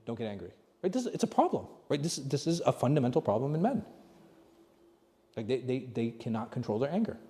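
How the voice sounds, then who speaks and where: A man gives a relaxed religious lesson in a large mosque hall. His tone is mellow and warm. He keeps asking his listeners questions, and the reverb trails on after each phrase. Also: medium pitch, a little fast. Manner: asks the audience rhetorical questions. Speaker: imam teaching a class.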